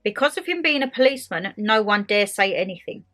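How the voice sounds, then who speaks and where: This woman vlog host speaks briskly in a mid-range voice, delivering a casual chatty rant. She's an animated storyteller who acts out quotes and laughs often. Faint music runs beneath her.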